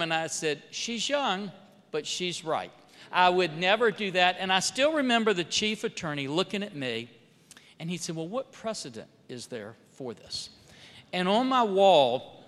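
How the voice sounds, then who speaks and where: A man, a congressman, telling stories in a speech at a church, swinging between loud and soft emphasis and acting out quoted dialogue. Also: sits high. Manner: storytelling with rising and falling emphasis, quoting others in dialogue. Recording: long hall reverb.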